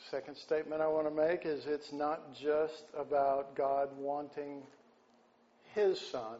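A man preaching a sermon, folksy and unhurried, often clearing his throat. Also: a little high, flat delivery, dark tone. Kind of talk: sermon with an opening joke. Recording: dull lo-fi sound with faint background noise.

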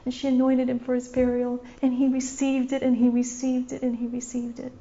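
An impassioned woman preacher with a slightly high voice, repeating her phrases and acting out scenes as she preaches. The sound is muffled and lo-fi. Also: completely flat delivery, a little fast, mellow. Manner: impassioned, repetitive, acts out scenes. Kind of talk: sermon. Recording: dull lo-fi recording.

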